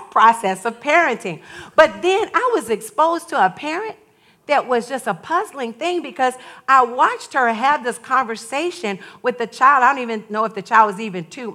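An older woman and grandmother preaching a sermon, telling stories in a lively way and laughing often. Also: a little high. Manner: storytelling, animated, laughs often.

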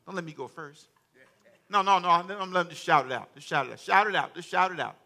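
A man, a pastor, preaching a lively sermon and calling out to his congregation for answers. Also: high voice, fast talker, gravelly.

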